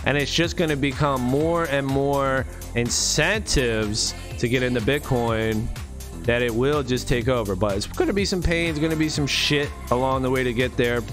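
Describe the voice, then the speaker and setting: A man's voice: medium pitch, moderate pace, over music. Profane, emphatic man ranting. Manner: profane, emphatic, street slang. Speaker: vlogger. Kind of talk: casual ranting monologue.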